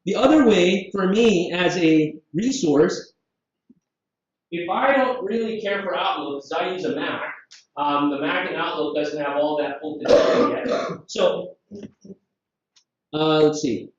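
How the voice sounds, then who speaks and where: A man from Southeast Asia giving a live conference software demo, lively and jokey, full of rhetorical questions. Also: a little high, unhurried. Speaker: conference presenter. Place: conference room. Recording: very echoey, distant, dull hall sound.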